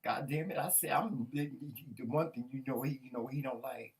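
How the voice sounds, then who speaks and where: A man co-hosting a casual talk show, animated and colloquial, often laughing as he tells stories. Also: medium pitch, normal speed. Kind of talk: casual chat.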